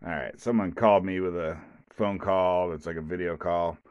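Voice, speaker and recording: A man's voice: sits low, steady tone, normal speed, clear, resonant tone, dry recording, dull audio. A man hosting his own podcast, talking alone in a rambling, casual way with many restarts and asides. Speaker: podcast host. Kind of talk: casual solo podcast monologue.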